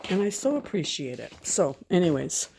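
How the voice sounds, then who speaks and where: A woman's voice: lowish voice, sing-song, moderate pace, creaky, mellow, a little hiss or hum. A woman chatting casually to the camera at home, rambling and correcting herself as she goes. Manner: chatty, rambling, frequent self-corrections and laughs. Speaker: vlogger.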